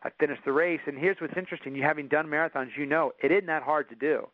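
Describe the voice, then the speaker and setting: A man's voice: fairly high pitch, fairly even intonation, fast talker, dry recording. A man as an interview guest, telling a personal story in earnest with frequent restarts. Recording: dull dry recording.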